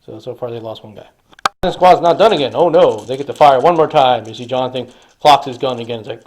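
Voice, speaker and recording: A man's voice: mid-range voice, fast talker, darkish tone. A man casually narrating a tabletop wargame battle report, enthusiastically dramatizing the action. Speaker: hobby wargamer.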